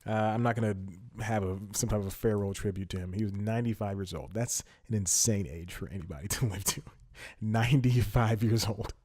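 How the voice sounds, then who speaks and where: Low-voiced rambling comedy podcast host. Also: male voice, fairly quick, warm tone, dry recording. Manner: rambling and self-interrupting, wry. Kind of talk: casual solo comedy monologue. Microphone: studio mic, wearing headphones.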